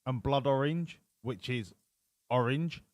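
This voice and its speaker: A man's voice: mid-range voice, takes it slowly, no room sound, clean studio sound. A man giving casual, sweary, joking commentary while live-streaming a racing management game.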